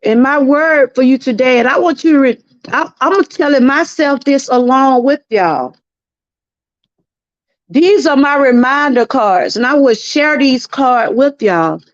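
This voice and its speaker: High-voiced Southern woman giving testimony. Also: animated, a little slow, no echo. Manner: earnest, preachy, repeats herself, talks to chat. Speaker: channel host. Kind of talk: live-stream testimony talk. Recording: dry, slightly muffled lo-fi sound.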